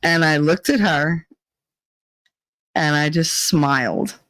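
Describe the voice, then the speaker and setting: A woman's voice: deep voice, slow pace, a bit bright, no room sound, low-quality recording. Blunt, profane woman telling stories. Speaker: podcast host. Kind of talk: casual storytelling chat.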